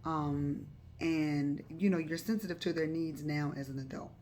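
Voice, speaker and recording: A woman's voice: deep voice, fairly even intonation, unhurried, warm tone, a little hiss or hum. A woman hosting a live stream, talking to viewers in a loose, chatty way and often repeating herself. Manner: chatty, loose, repeats words and uses fillers. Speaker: host of a live talk stream. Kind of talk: casual advice talk to viewers.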